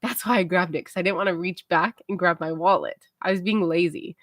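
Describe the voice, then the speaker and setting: A tired young woman is hosting a livestream, telling a rambling story in a mellow, casual way, with lots of fillers and asides to herself. Her voice is lowish and brisk, and the recording is dry with clean studio sound.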